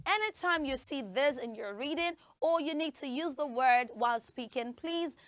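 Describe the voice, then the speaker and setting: A woman's voice: high-pitched, animated, moderate pace, a bit bright. A woman with a Nigerian accent hosting a children's TV show in a studio, teaching pronunciation in an upbeat, coaxing way and drilling words for children to repeat. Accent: Nigerian English. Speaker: children's TV host.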